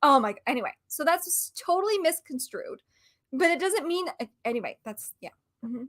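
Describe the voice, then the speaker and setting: A woman co-hosting a casual chat, talking in an animated, ranting way and laughing often. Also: sits high, normal speed. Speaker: co-host.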